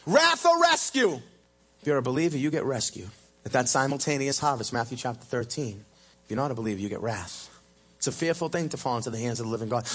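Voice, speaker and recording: A male pastor preaching a sermon at a church service, swinging between loud emphatic peaks and low hushed lines, and stretching key phrases out slowly. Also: big pitch swings, husky.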